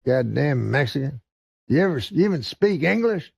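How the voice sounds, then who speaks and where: A man voicing a big, fat, rude redneck who blusters and insists loudly. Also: a little high, very animated, moderate pace, gravelly, slightly rough, no room sound, clean studio sound, heavily acted. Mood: bullying.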